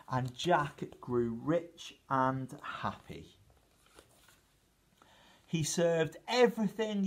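A male teacher with an English accent reading a children's story aloud, with gentle asides to his listeners. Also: on the high side. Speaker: primary school teacher.

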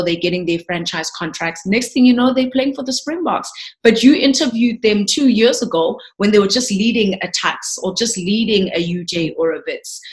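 Lady broadcaster telling her story, gets emotional, repeats herself, ordinary pitch. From South Africa. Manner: emotional, animated, repeats words when moved. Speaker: sports broadcaster and presenter. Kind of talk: storytelling in an interview.

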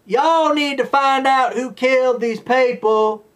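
A man's voice: extremely high pitch, slow, a bit bright, voice pushed up, exaggerated voice. A man mimicking a drawling Southern lady detective. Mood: bossy. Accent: Southern US, put on. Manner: drawling, demanding. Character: bossy Southern female police detective.

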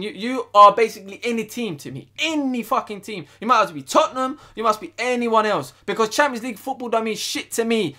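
A young man rants about his football team, swearing freely and circling back to the same complaints. His voice sits high and sounds bright and forceful. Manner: ranting, sweary, repetitive. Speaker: football fan vlogger. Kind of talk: angry fan rant.

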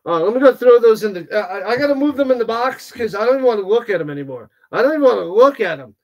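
A man with a fairly high voice hosts a live watch-party stream in a casual, chatty way. He reacts in an animated manner, with plenty of groans and exclamations, and greets viewers as they join. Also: fast talker. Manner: animated, exclaiming, groaning at bad card pulls. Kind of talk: casual livestream chat, reading viewer comments.

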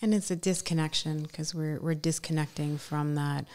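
A woman hosting a relaxed conversational interview, with a notably low voice for a woman. She talks in a chatty way, circling back and restarting her thoughts as she goes. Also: normal speed. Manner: chatty, with frequent restarts and laughs. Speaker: host.

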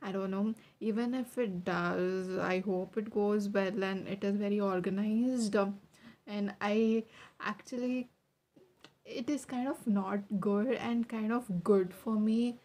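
A woman's voice: medium pitch, steady tone, takes it slowly, darkish tone, low-quality recording. A young woman chatting casually in a vlog, rambling with lots of fillers and poking fun at herself. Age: young adult. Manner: rambling, filler-heavy, self-mocking. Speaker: vlogger. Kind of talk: casual vlog voice-over chat.

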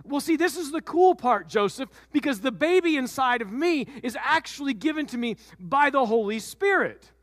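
A man's voice: very high-pitched, animated, normal speed, hardly any pauses, fairly bright tone, no echo, clean studio sound, pitched above the performer's own voice. A man voicing a nervous young woman breaking surprising news, coaxing and hesitant. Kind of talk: sermon role-play.

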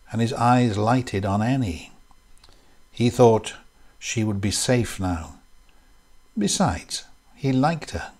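A man reading a literary short story aloud in a measured, even way. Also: medium pitch. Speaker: reader.

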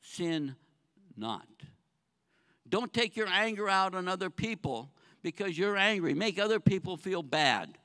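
Addressing his congregation with rhetorical questions, a male pastor delivers a sincere sermon that moves from hushed, low lines to loud, urgent ones. His pitch swings widely and he speaks a little slowly.

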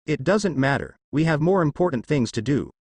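A man's voice: fairly high pitch, lively intonation, fairly quick, no echo. A man reading a fanfic aloud, voicing a proud, rattled female fallen angel leader who gives orders and argues back. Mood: defensive. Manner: commanding, defensive.

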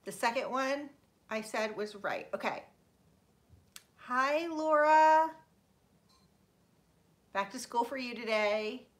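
Chatty, bright-voiced woman hosting a livestream. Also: a little high, animated, takes it slowly, long pauses. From Florida, USA. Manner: chatty, greets viewers warmly, laughs often; apologetic and self-deprecating about pronouncing names. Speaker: livestream host. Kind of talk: casual live-stream chat.

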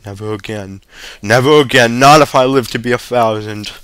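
A sheepish father who hisses for quiet and then whines in self-pity, his words defensive and aggrieved, as a male reader puts him on. The voice is close and dry. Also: mid-range voice, steady tone, fairly quick, clear, resonant tone, dry recording, natural voice. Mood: defensive whining. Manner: hissing, whining, defensive. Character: sheepish, self-pitying father caught drinking.

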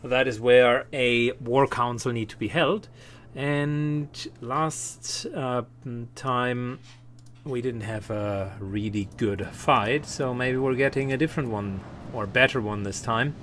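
A man's voice: mid-range voice, slow, fairly bright tone, a little hiss or hum. A man hosting a let's play, musing casually about his game with many fillers. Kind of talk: gaming commentary.

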